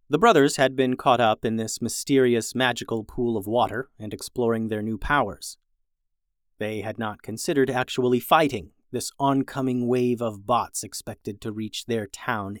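A storyteller reads a children's tale aloud, with plenty of life in the telling and the pitch jumping up and down for each character. The voice sits in a middle range. The recording is close and dry, with no room sound around it. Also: moderate pace, dry recording. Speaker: children's story podcast host.

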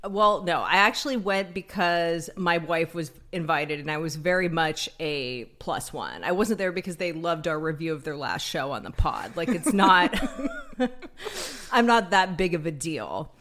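A woman's voice: fairly low pitch, expressive, unhurried, fairly bright tone. A woman co-hosting a podcast in casual chat, dry and witty, with lots of "like" fillers. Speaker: podcast co-host.

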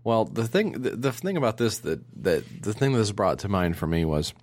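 A man co-hosting a comedy podcast, telling crude stories in a rambling, deadpan way. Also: on the low side, a little fast, no echo, clean studio sound. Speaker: podcast co-host. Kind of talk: casual comedy chat.

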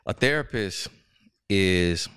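Deep smooth-voiced Southern man. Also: lively intonation, slow pace, a bit bright, no echo, studio quality. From Florida. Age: 30s. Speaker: guest life coach and author. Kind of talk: casual podcast chat.

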